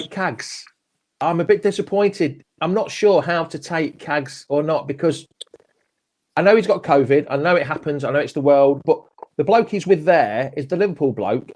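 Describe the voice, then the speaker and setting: A man's voice: a little high, a little mellow. A man hosting a live football fan chat show, chatty and friendly, tagging questions onto his remarks. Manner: chatty, friendly, asks many tag questions.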